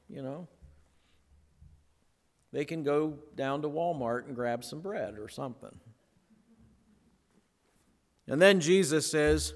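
A pastor preaching a sermon in a slow, conversational way, slipping into playful voiced asides when he retells a story. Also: on the high side, big-room sound.

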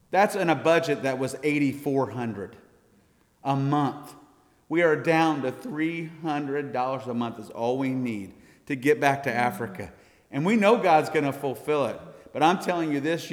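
A man from the United States, a missionary, speaking earnestly and folksily to a church congregation, laughing often. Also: mid-range voice. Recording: long hall reverb.

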